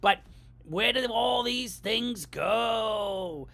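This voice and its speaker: A man's voice: sits high, drawn-out words, vocal fry, bright, forceful tone. A man riffing on a comedy podcast, wondering aloud in a wandering, unsure way.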